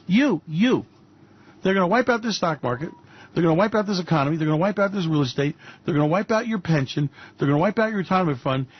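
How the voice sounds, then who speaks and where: A man's voice: on the high side, husky, lo-fi sound. A man hosting a radio show, giving fiery, mocking commentary on politics and finance with repeated punchlines. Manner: ranting, mocking, repetitive punches.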